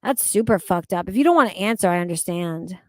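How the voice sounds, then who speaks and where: A woman's voice: fairly low pitch, lively intonation, fairly quick, a little mellow, dry recording, clean studio sound. A woman streaming live, reading chat comments aloud and reacting in a blunt, profane, exasperated way.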